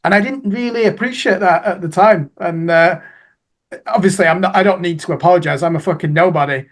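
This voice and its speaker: A man's voice: high-pitched, brisk. A man chatting as co-host of a music review show, rambling and self-deprecating. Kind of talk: casual music review chat.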